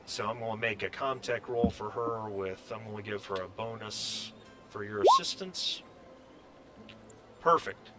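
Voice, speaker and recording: A man running a tabletop game as game master, narrating haltingly with many restarts. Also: on the low side, over loud music. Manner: halting, full of fillers and restarts.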